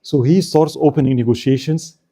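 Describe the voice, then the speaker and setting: A man with a mellow, mid-range voice and a steady tone talks fairly quickly as he gives a casual history lecture at an Islamic center. He keeps asking his listeners "right?" and jokes and laughs with them.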